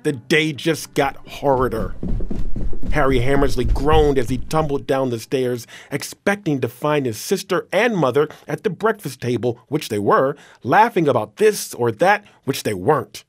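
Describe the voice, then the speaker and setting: A man reading a children's story aloud in a playful, expressive way. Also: mid-range voice, moderate pace, no room sound. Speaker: story reader.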